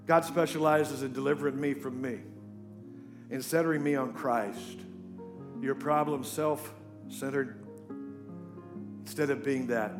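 A man preaching a sermon to a congregation, animated and emphatic. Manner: animated, emphatic preaching with big pitch swings. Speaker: pastor. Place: church stage before a congregation.

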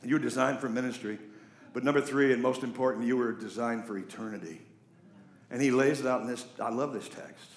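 A man preaching a sermon as pastor, swinging from quiet asides to loud, raised storytelling. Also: mid-range voice, brisk, roomy sound. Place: church sanctuary.

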